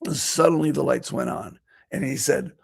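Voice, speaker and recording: Gravelly-voiced man telling a story. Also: on the high side, moderate pace. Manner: storytelling, quoting himself and others. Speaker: veterinarian giving a talk. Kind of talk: personal anecdote in a speech.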